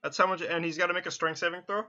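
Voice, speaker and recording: A man's voice: high-pitched, fairly even intonation, racing, pushed and bright, highs cut off, faint music behind. A man playing a tabletop game online, working out rolls aloud and correcting himself. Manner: counts dice aloud, stumbling and correcting himself. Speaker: player. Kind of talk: casual play chat.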